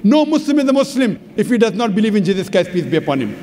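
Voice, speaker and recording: A man with a strikingly high voice delivers an emphatic public lecture, methodically ticking off chapter and verse references. His voice rings out with a long hall reverb over a faint background hiss. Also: sing-song, fast talker, dark tone. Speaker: religious lecturer. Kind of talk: public lecture answering an audience question.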